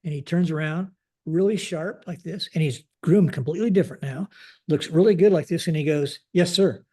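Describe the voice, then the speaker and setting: A man in his sixties tells stories as a podcast guest in a mellow voice that sits a little high. He talks in a halting way, restarting his sentences and tagging them with a habitual phrase. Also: husky. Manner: halting, frequent restarts, keeps saying "like this". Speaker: podcast guest, retired Air Force general. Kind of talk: conversational storytelling.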